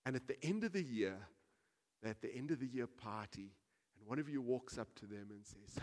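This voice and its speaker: A man preaching a sermon as pastor, telling a story with big swings between hushed and loud delivery. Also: medium pitch, animated, brisk. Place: church hall. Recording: reverberant church hall.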